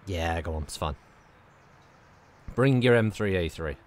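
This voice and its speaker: A gaming streamer with a low-sitting, animated voice talks a little slowly while playing a video game. He chats casually with friends, joking and laughing often.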